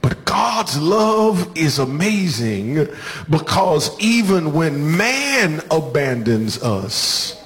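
A man preaching a sermon in a rhythmic, call-and-response style, building from quiet talk to shouted climaxes. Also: a little high, sing-song, drawn-out words.

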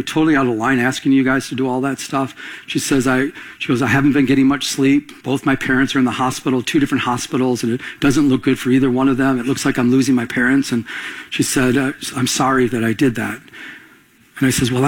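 Husky-voiced preaching man. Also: mid-range voice, low-quality recording. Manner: call-and-response preaching, rising emphatic. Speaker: pastor. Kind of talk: sermon.

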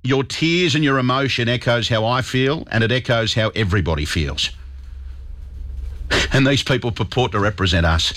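A man's voice: medium pitch, normal speed, a bit bright. An Australian man hosting talkback radio, speaking emphatically and with indignation as he takes callers.

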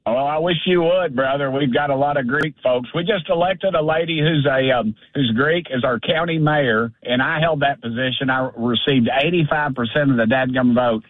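A man's voice: medium pitch, normal speed, few pauses, no echo. Fiery folksy man on a phone line. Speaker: congressman calling in. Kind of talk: phone call-in interview.

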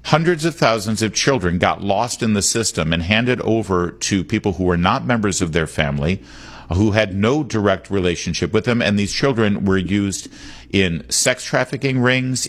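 A man with a very low voice hosts a talk radio program from the studio. He delivers an opinionated, emphatic monologue and keeps returning to the call-in number to invite listeners to phone in. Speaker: radio talk show host. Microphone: studio microphone.

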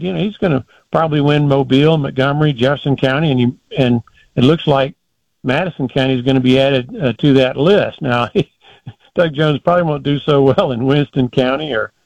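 An older man giving political commentary as a guest in a measured, folksy, deliberate way. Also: mid-range voice, a little mellow, no echo, highs cut off.

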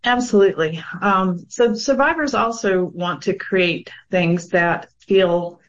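A woman's voice: mid-range voice, slow, dull audio, slight background noise. A woman guest on a talk show, earnestly telling her own story with frequent ums. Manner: earnest storytelling with many fillers. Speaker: guest, abuse survivor and advocate. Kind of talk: personal testimony on a talk show.

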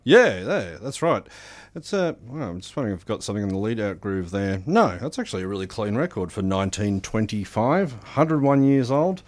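A man's voice: on the low side, very animated, brisk, no echo. A man hosting a community radio fundraiser, chatty and jokey, reeling off lists on air. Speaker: radio host. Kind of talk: casual on-air fundraising chat.

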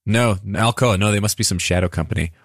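A man's voice: fairly low pitch, fast talker, background noise. A man co-hosting a podcast, making sarcastic jokes and casual asides. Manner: joking, sarcastic asides, filler "like". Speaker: podcast co-host.

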